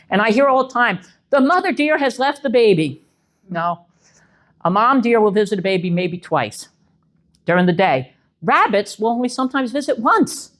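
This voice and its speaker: A middle-aged woman, an animal control officer giving a humorous wildlife talk and acting out the animals in little voices. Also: medium pitch. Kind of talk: lively public presentation.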